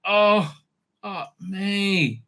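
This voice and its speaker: A man's voice: high voice, extremely slow, pushed and bright. A man hosting a channel, giving sarcastic, profane commentary over clips and dropping into exaggerated mocking voices.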